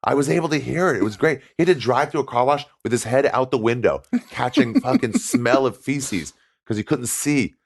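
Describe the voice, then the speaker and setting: A man telling a story in casual chat, animated and laughing often as he talks. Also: mid-range voice, a little fast, gravelly, few pauses. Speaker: guest comedian.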